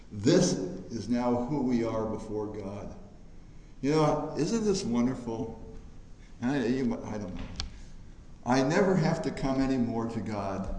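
A man preaching a sermon in a church hall, emphatic, swelling loud on key phrases and then dropping quiet. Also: medium pitch, slight background noise.

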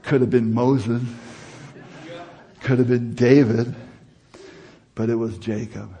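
A man's voice: medium pitch, fairly even intonation, slow pace, mellow. A middle-aged man preaching a sermon in a conversational way that climbs to emphatic peaks.

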